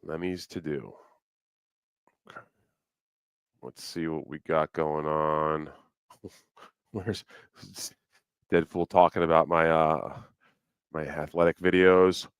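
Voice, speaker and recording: A man with a low, smooth voice chats loosely on his livestream, swearing freely and wandering between topics with lots of fillers. The sound is close and dry, with no room echo at all. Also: little pitch movement, slow, pauses often. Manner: loose, profane, rambling with fillers. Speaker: livestream host. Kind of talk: casual livestream chat. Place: home, New York City.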